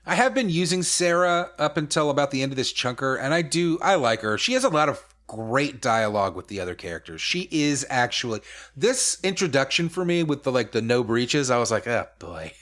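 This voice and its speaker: Rambling, animated male podcast host. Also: medium pitch, a little fast. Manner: rambling, heavy use of "like", mock-outraged ranting. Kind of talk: casual gaming podcast chat.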